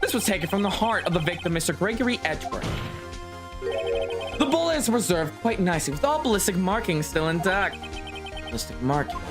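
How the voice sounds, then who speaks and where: A man's voice: high voice, sing-song, brisk, over music. A man voicing a determined young male defense attorney in a game, with emphatic, explanatory courtroom delivery. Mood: explaining.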